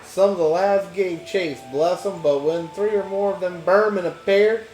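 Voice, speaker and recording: A man voicing a furious, gruff male ranch hand with a mixed British and Texan put-on accent, blustery and cursing. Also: high voice, moderate pace, darkish tone, slight background noise, lightly acted. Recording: echoey room, game music behind.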